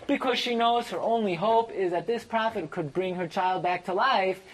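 A man teaching a classroom Bible lesson, translating verse by verse and jumping up in pitch for emphasis. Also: moderate pace, slight background noise, rough recording. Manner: animated, rises sharply in pitch for emphasis. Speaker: Torah teacher.

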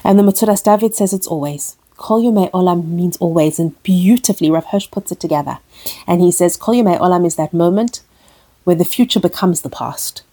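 A woman's voice: lowish voice, brisk, dark tone, husky. Woman giving a torah class, earnest, words with that sound, translates as she goes. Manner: earnest, translates each Hebrew phrase into English. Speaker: Torah teacher. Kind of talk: explaining verses line by line.

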